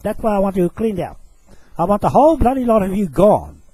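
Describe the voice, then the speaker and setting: A man's voice: high voice, big pitch swings, fairly quick, dark tone, breathy edge, poor audio. A man delivering an angry, profane rant to camera. He accuses his target directly and repeats short phrases for emphasis.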